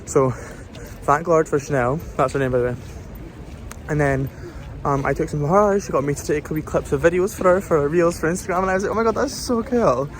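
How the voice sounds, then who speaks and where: A man's voice: a little high, steady tone, fairly quick. A young man, rambling casually with lots of fillers as he vlogs his trip, filming himself on a phone outdoors. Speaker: vlogger. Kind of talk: casual travel vlog talk.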